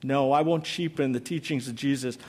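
A preacher voicing a calm, fearless old prisoner. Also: male voice, mid-range voice, a little fast, close to an everyday voice. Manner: calm, steady and unafraid. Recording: long hall reverb.

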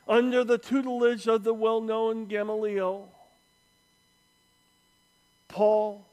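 A man preaching a sermon, slow and emphatic, with dramatic pauses and acted-out quotes. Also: high voice, darkish tone.

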